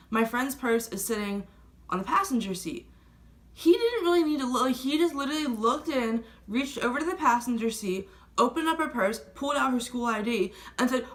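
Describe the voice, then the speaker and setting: A young woman tells a story on her vlog in a loose, meandering way, dropping "like" into almost every phrase. Her voice sits a bit high for a woman. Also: a bit bright. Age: young adult. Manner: rambling, filler-heavy with constant "like". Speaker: vlogger. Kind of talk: casual storytime.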